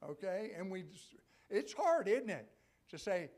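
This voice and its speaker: Older man, pastor, live church sermon, conversational, emphatic peaks, voice on the higher side. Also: sing-song, measured pace. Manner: conversational preaching, frequent "okay?" check-ins, rising to loud emphatic peaks. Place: church sanctuary.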